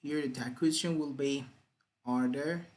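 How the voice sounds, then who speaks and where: Slow, deliberate male English teacher. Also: mid-range voice, steady tone, a little mellow, low-quality recording. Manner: slow, deliberate, repeats examples with exaggerated rising and falling intonation. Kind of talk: grammar lesson.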